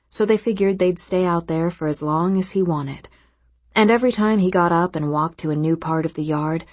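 Audiobook narrator, woman, low-pitched husky voice, steady reading. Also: dry recording. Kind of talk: scripted narration.

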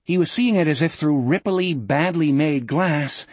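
Give me a man narrating an audiobook with steady, dramatic storytelling. His voice is husky with a rough edge, recorded dry and close with no room sound. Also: fairly high pitch, a little slow, dry recording. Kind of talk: scripted narration.

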